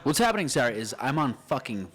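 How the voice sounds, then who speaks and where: A man's voice: medium pitch, very animated, quick pace, fairly bright tone. A young man from the area joking and swearing in a casual chat between comedians. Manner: joking, swearing, laughs a lot. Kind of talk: casual banter.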